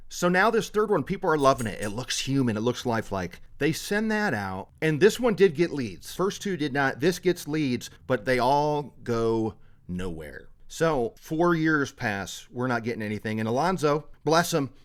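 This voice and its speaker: A man co-hosting a casual true-crime podcast, telling the story in an animated, profane way. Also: medium pitch, normal speed. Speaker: podcast co-host.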